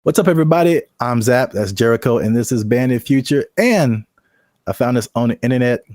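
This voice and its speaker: A man's voice: medium pitch, lively intonation, a little fast, a little mellow, no echo. A man co-hosting a podcast in casual chat, upbeat and teasing his co-host.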